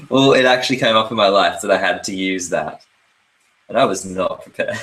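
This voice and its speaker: A man's voice: low voice, unhurried, a bit bright, low-quality recording. A man co-hosting a podcast in casual chat, with dry, laid-back banter. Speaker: podcast co-host.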